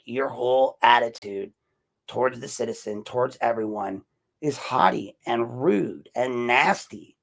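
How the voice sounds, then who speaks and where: A man with a raspy, deep voice hosting an opinionated solo podcast, talking in an indignant, rambling way and repeating himself. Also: fairly bright tone. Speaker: podcast host.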